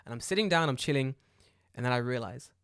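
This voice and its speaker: Profane, animated man telling a story. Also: medium pitch, quick pace, smooth, no room sound, clean studio sound. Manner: animated, profane, acts out dialogue loudly. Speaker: podcast co-host. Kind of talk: casual storytelling chat.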